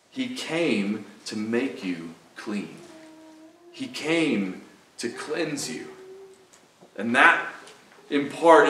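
Slow-preaching Southern pastor in an echoey church. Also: male voice, medium pitch, fairly bright tone. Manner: earnest, emphatic preaching with repeated phrases. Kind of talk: sermon. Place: church sanctuary. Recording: echoey church sanctuary, voice from a distance.

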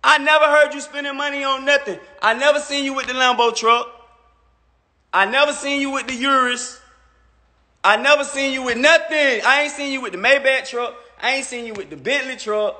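A man with a very high, bright, forceful voice delivers a taunting livestream rant, stacking boastful jabs one after another. It sounds like a phone mic in a space with a long, echoey reverb. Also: steady tone, moderate pace. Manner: boastful, mocking, repetitive jabs.

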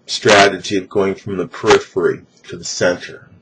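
A man talking himself through a home dental self-treatment on camera, halting and thinking aloud with many restarts. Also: deep voice, flat delivery, noisy background.

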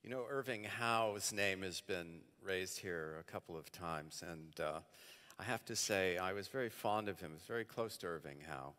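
A man's voice: deep voice, moderate pace, sharp tone, in a large hall. A man giving a public lecture, reminiscing unhurriedly before reading passages aloud. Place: large hall, celebration event.

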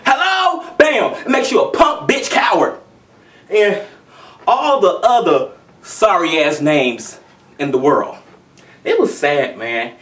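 Heated man ranting, high lively voice. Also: takes it slowly. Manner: heated, emphatic, repeats himself. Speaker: vlogger. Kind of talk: ranting commentary vlog. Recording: roomy, mic at a distance.

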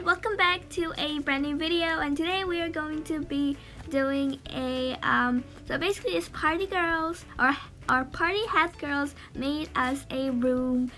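A woman's voice: high-pitched, measured pace, bright, forceful tone, soft background music. A woman hosting a game reaction vlog, teary and gushing, often trailing off and restarting her sentences. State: teary, near crying. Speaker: gaming channel host.

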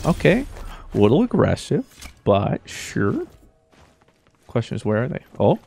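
A man commentating his own gameplay as a video host, joking around and breaking into sudden high yelps. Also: huge pitch swings, unhurried, gravelly, pauses often, mellow, a little hiss or hum. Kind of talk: let's play commentary.

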